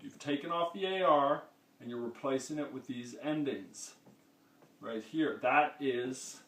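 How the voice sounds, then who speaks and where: A man's voice: medium pitch, measured pace, fairly bright tone. A man teaching a lesson, explaining patiently step by step and often checking in with "okay?". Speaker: Spanish teacher. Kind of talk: classroom-style lesson. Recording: echoey room, mic far off.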